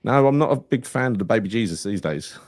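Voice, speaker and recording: A man's voice: lowish voice, expressive, quick pace, darkish tone. A man, co-hosting a live football podcast, telling stories with lots of swearing and laughter. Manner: swearing, storytelling, laughs a lot. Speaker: podcast co-host.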